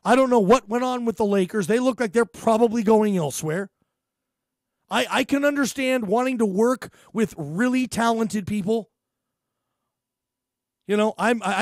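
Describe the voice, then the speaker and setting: High-voiced male sports radio host. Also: moderate pace, no echo, studio quality. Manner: animated, rambling, full of fillers and restarts. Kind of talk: sports talk radio monologue.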